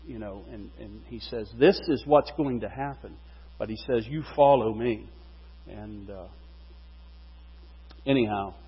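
A man preaching a sermon, animated, his voice rising and falling for emphasis. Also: medium pitch, husky. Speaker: pastor. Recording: dull, reverberant hall recording.

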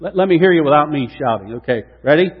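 A male pastor preaching a sermon in a church, animated, swinging from loud emphasis to hushed tones. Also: a little high, quick pace, a crowd in the background. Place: church sanctuary. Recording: dull lo-fi recording with long hall reverb.

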